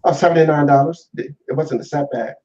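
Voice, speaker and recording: A laid-back man chatting over a gaming headset. His voice is mellow and dark. The sound comes from a distance and is dull and muffled. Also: fairly high pitch, fast talker. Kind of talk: casual chat. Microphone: wireless gaming headset.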